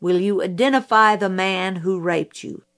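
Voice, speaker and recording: A woman voicing a middle-aged male lawyer who questions a witness in a deliberate, dry, professional way. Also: medium pitch, a bit bright, natural voice. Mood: measured. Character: calm, measured middle-aged male lawyer cross-examining.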